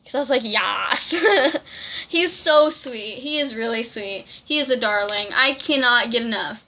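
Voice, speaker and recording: A young woman telling an excited, rambling story to camera in a casual vlog, often giggling. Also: a little high, moderate pace. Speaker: vlogger.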